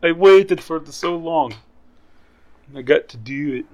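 A man's voice: on the high side, a little slow, a little mellow. A man playing a tabletop role-playing game, goofy and joking in character. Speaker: player.

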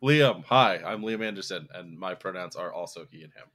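A man's voice: deep voice, expressive, brisk, a bit bright. A man co-hosting a podcast in casual sports chat, chiming in with blunt, teasing asides. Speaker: podcast co-host.

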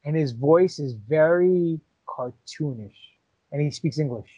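A man's voice: a little high, unhurried, mellow, no echo. A man co-hosting a podcast, explaining things as an enthusiastic fan, with some swearing. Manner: enthusiastic fan, profane, laughs often. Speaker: podcast co-host. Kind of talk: casual podcast banter.

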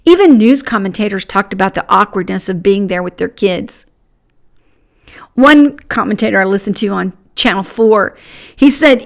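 A woman's voice: mid-range voice, animated, normal speed, gravelly. A woman hosting a Christian commentary podcast, speaking in an earnest, pointed, conversational way. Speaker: podcast host.

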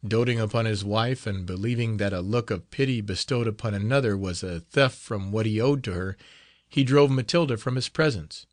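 This audiobook of a classic novel is narrated by a man with a fairly low pitch who tells the story in a measured, expressive manner. The recording is dry with clean studio sound.

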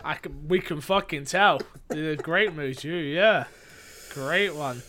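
A man co-hosting a casual podcast over a remote call, loud and teasing, swearing freely. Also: a little high, measured pace, a crowd in the background. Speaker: podcast co-host.

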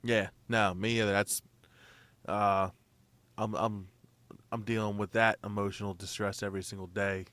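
A man's voice: lowish voice, flat delivery, normal speed, pauses often, fairly bright tone, no room sound. A man co-hosting a podcast in casual banter, easygoing and agreeable with lots of fillers. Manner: laid-back, agreeable, hesitant fillers. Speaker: podcast co-host.

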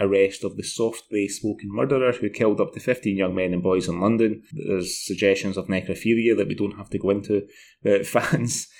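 Low-voiced Scottish man chatting. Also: slight background noise. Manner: rambling, reads news stories aloud with restarts. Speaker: podcast co-host. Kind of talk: casual chat.

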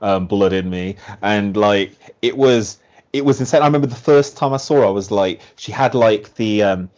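A man's voice: lowish voice, moderate pace, a little mellow. Rambling man, muffled audio. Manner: rambling, acts out quotes. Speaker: wrestling podcast co-host. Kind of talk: casual chat. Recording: muffled lo-fi sound.

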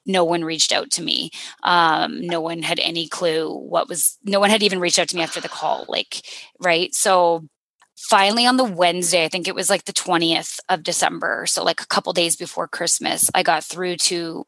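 A paramedic woman in her thirties, from Canada, recounting a personal ordeal in an interview, earnest and halting with many restarts. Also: on the low side, steady tone, vocal fry, fairly bright tone, no room sound. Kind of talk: personal story in a podcast interview.

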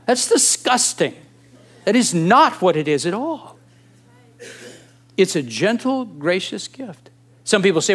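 A man in his sixties preaches with a slightly high voice that leaps around in pitch. He speaks emphatically and presses his listeners with rhetorical questions. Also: sing-song, measured pace, a bit bright. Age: 60s. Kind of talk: sermon.

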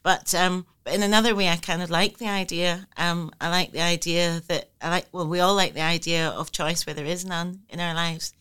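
Bright, clear woman reflecting. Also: fairly low pitch, fairly even intonation, normal speed, few pauses. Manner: thoughtful, candid, laughs often, many fillers and restarts. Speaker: interview guest, writer. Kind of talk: reflective conversational interview.

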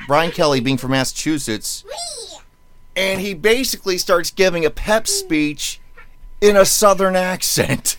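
A man's voice: on the high side, animated, unhurried, a bit bright, slight background noise. A man co-hosting a podcast in casual chat, rambling and sarcastic, often restarting his phrases. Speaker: podcast co-host.

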